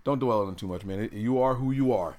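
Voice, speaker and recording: A man's voice: fairly low pitch, fast talker, darkish tone. A man in his thirties telling stories animatedly in a casual podcast chat, laughing often. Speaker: podcast co-host.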